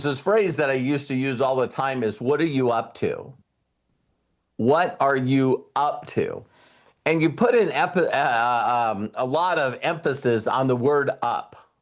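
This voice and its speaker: An older man hosts a video call and gives a rambling motivational talk in a somewhat high voice. He talks in a folksy way and breaks into laughs. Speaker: host.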